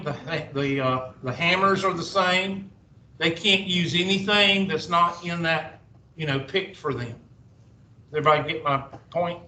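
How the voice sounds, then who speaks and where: A man's voice: fairly high pitch, bright, forceful tone, a little hiss or hum. A male math teacher, lecturing a class with rambling, sarcastic asides. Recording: echoey classroom from far off.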